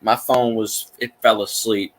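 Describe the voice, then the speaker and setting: A man's voice: lowish voice, level tone, a little slow, low-quality recording. A man with a Cajun accent hosting a casual livestream, telling rambling stories with lots of restarts and the odd swear. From Louisiana. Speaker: livestream host.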